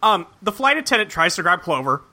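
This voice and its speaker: A woman chats casually on a podcast, retelling an episode in an animated, jokey way. Her pitch swings widely, and her voice is bright and clear. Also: fairly quick. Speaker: podcast co-host recapping an episode. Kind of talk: casual chat.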